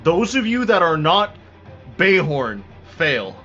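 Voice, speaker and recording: A man running a tabletop game as game master, narrating dramatically and slowing down for effect, with frequent restarts. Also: fairly high pitch, very animated, a bit bright. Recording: dull lo-fi recording, faint music.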